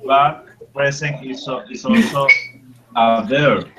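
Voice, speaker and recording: A male English teacher in an online class, slowly repeating words to model their pronunciation on a video call. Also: mid-range voice. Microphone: computer mic on a video call. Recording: faint background noise on a call.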